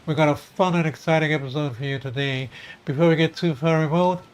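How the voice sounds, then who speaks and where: A man's voice: a little high, brisk, clean tone, natural voice. A man doing an impression of a nasal-voiced male YouTube host, talking with a pinched tone from holding his nose. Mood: mock-earnest. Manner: mock-earnest sign-off patter.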